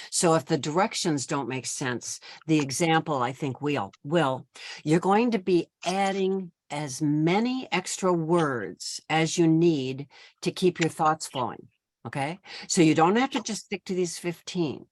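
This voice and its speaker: A woman's voice: sits low, expressive, unhurried, no echo, clean studio sound. A woman leading a poetry workshop, patiently explaining each step to her participants. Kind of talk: giving workshop instructions.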